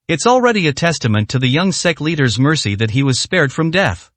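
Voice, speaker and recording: A man reading a translated martial arts serial story aloud in a steady storytelling manner. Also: a little high, a little fast, few pauses, no room sound. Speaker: narrator. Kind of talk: scripted story narration.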